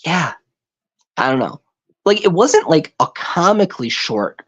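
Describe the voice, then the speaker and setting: A man's voice: on the high side, very animated, a little slow, fairly bright tone, breathy edge, dull audio. A man in casual chat on a live stream, rambling and tripping over his words. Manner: rambling, stumbles over words, slips into put-on voices. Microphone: home microphone on a live stream.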